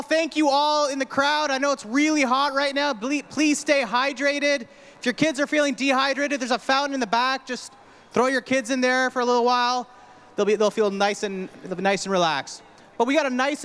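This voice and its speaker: A man's voice: extremely high pitch, fairly bright tone, smooth. A man hosting an outdoor festival stage, joking with the crowd and hyping up the next act. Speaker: festival emcee.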